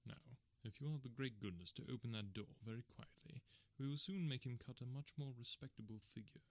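A man voicing a blunt, jovial police inspector with a gruff manner in a storybook reading. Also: mid-range voice, brisk, no echo, lightly acted. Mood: amused.

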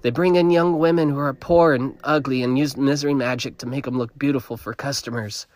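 A man's voice: mid-range voice, steady tone, a little fast, lightly acted. A man doing a wary older woman guide. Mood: hushed warning. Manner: urgent hushed warnings.

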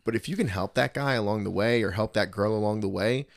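A man's voice: on the low side, fast talker, vocal fry, dry recording, clean studio sound. A man from New Jersey hosting a casual podcast chat, telling stories and swearing freely. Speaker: podcast host, gym owner.

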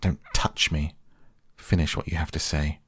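A man's voice: rumbling low, fairly even intonation, normal speed, a bit bright, husky, dry recording, studio quality, full character voice. A man reading as a scornful proud young man. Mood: cold. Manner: bitter, mocking, defiant. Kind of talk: softly read bedtime audiobook.

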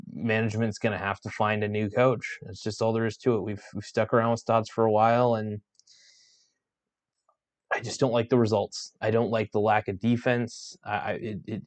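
A tired man ranting in exasperation about his basketball team, swearing and restarting his sentences as he vents. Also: fairly low pitch. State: yawning, tired. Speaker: sports vlogger. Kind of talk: frustrated sports rant.

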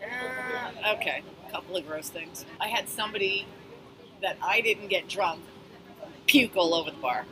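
A woman's voice: mid-range voice, moderate pace. Blunt New woman telling bar stories. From Astoria, Queens, New York. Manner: lively, blunt and profane, acts out shouting in her stories. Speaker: bartender, guest. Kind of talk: animated storytelling in casual conversation. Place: outdoors at a street-side table. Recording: street traffic noise outdoors.

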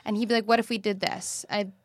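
A woman's voice: mid-range voice, little pitch movement, quick pace, dry recording. A woman comedian and actress as a podcast guest, chatting animatedly and swearing freely, with many "like" fillers. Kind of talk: casual chat.

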